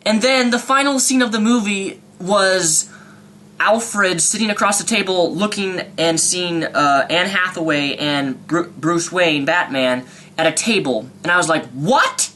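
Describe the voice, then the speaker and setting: A young man rambling excitedly through an unscripted movie review vlog. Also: high-pitched, measured pace, slight background noise.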